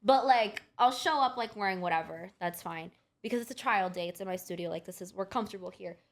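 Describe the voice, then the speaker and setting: A young businesswoman talking at a quick clip on a podcast. She is chatty and loose, with lots of "like" fillers, and sits at an ordinary, medium pitch. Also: gravelly. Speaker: makeup artist and business owner. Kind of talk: casual podcast interview. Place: podcast studio.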